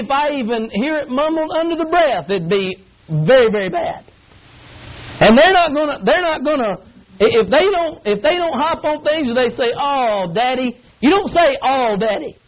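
A man preaching a folksy sermon, high and tinny. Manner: folksy, emphatic, acts out whining kids with grunts. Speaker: pastor preaching to youth. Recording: tinny phone-like line, faint noise.

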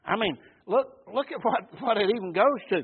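A man's voice: sits high, animated, normal speed, husky. A man preaching a sermon in a folksy, emphatic way, often calling out for an amen. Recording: tinny phone-like sound.

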